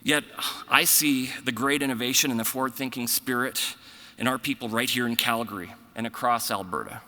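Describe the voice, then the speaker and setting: A man's voice: mid-range voice, fairly even intonation, bright, forceful tone. Winded man speaking in a hall. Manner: earnest, conversational, pauses to catch breath. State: out of breath. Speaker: bank executive giving closing remarks. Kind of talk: conference speech. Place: large conference hall. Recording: reverberant hall PA sound.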